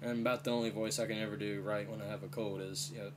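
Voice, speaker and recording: A man's voice: lowish voice, level tone, fast talker, slight background noise. Man with a cold, rambling chatty vlogger. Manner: rambling, full of "you know" and "uh". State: slight head cold. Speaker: vlogger and impressionist. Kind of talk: casual chat.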